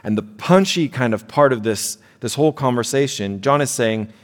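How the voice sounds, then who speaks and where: A male pastor delivers a sermon at a mid-range pitch. His talk is conversational and full of quick "right?" check-ins. The voice carries a long reverb tail, as if it were recorded in a large hall. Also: lively intonation. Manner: conversational preaching, frequent "right?" tag questions.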